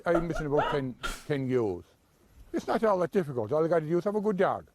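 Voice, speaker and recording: A woman's voice: deep voice, big pitch swings, fast talker, background noise, pitched below the performer's own voice. A woman putting on a mumbling old country farmer. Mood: glum. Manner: thick put-on country brogue, mumbled gibberish. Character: grumbling rural old man, sheep stolen.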